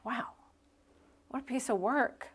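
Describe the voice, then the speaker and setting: A woman's voice: on the high side, slow, a little hiss or hum. A woman pastor preaching a sermon in a church, in a casual, conversational way, acting out the people in the story as she tells it. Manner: conversational, animated retelling with acted-out quotes. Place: church sanctuary.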